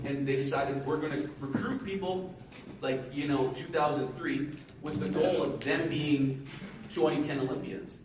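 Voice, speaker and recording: Man speaking from far off. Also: mid-range voice. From Canada. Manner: casual, addresses the audience directly. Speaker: guest speaker. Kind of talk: storytelling motivational talk. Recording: echoey hall from far off, noisy.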